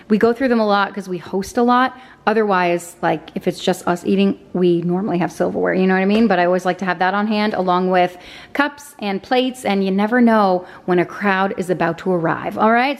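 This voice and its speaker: A woman in her thirties, a mom chatting casually through a grocery haul, rambling with self-deprecating asides. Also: mid-range voice.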